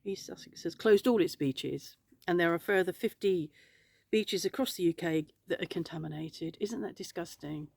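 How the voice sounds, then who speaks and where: A woman's voice: fairly low pitch, normal speed, vocal fry, a little mellow, no echo, studio quality. A woman vlogging from home, rambling and outspoken, swearing freely. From England. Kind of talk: casual chat to camera. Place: home in France.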